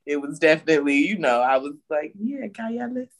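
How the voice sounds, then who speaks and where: A young man chatting casually as a podcast co-host, his voice sitting a little higher than most men's. He tells stories in a loose, self-mocking way, with plenty of asides. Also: steady tone, quick pace. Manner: laid-back storytelling with frequent laughs and self-mocking asides. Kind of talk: casual chat.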